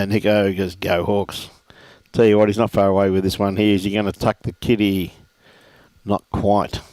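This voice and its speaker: Easygoing Australian bloke calling a bowls game, friendly shout-outs, dry close mic. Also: male voice, fairly low pitch, level tone, moderate pace, no echo. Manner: laid-back, chatty, greets viewers by name. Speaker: lawn bowls commentator. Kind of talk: live sports commentary with viewer shout-outs.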